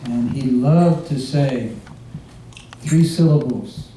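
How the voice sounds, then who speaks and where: A man with a dark, mellow voice rambles through devotional stories, stopping and restarting as he remembers. He is picked up from a distance in a very echoey room, with a faint hiss underneath. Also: mid-range voice. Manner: rambling, halting with many fillers and restarts. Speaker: guest speaker. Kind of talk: informal devotional remembrance talk. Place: devotees' home, recorded from across a room.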